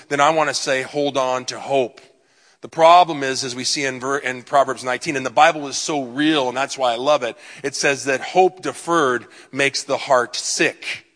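A male pastor giving a sermon, telling a personal story in a conversational way and dropping quiet for reflective moments. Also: on the high side, big-room sound. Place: church sanctuary.

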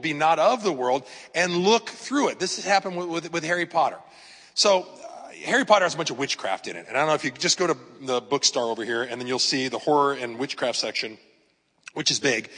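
His mid-range voice is bright and forceful with a breathy edge. This man in his fifties is a pastor giving a conversational, emphatic sermon full of his own stories and rhetorical questions, recorded with a long hall reverb.

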